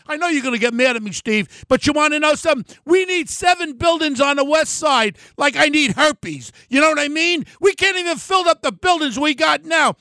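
An older man, hosting a podcast and delivering a loud, heated, combative political rant. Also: very high-pitched, lively intonation, a little fast, no echo. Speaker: podcast host.

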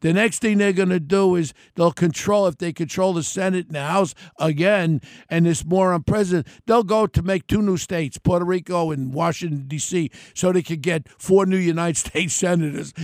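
Older New man, gravelly and fairly high-voiced, blunt heated podcast host, dry close mic. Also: no echo. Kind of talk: solo political rant.

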